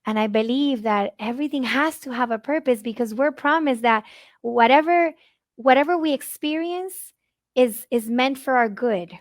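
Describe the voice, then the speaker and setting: A middle-aged woman with Spanish as her first language speaks to a conference audience in earnest, heartfelt tones, often repeating a word while she finds the next one. Her voice sits a little high and sounds close and dry, with no room around it. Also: normal speed, dry recording. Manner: earnest, repeats words when searching for them. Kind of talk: heartfelt inspirational talk.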